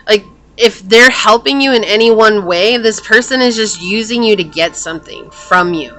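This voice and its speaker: A woman's voice: mid-range voice, moderate pace, a bit bright, soft background music. A woman talks through a tarot spread in a loose, chatty way, with a mid-range voice. She leans on fillers and restarts, and she breaks off now and then for hiccups. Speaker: tarot reader. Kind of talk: casual spoken tarot reading.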